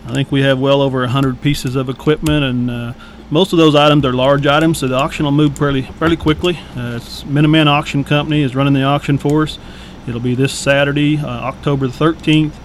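A man, a city staff guest on local radio, giving plain, steady information. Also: medium pitch, a little fast, slight background noise. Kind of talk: casual radio chat.

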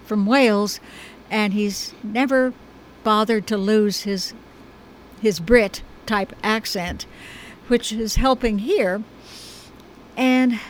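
An American woman, a stage director, talking through her production in a thoughtful, chatty interview with a gentle humor. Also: fairly high pitch, slight background noise, poor audio. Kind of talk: conversational interview.

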